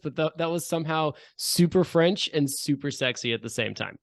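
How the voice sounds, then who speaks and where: A man's voice: a little high, brisk, hardly any pauses, no room sound, clean studio sound. A man hosting a tabletop podcast as game master, reading promos and ads in a rambling, chummy, self-mocking way. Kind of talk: casual podcast intro and ad read.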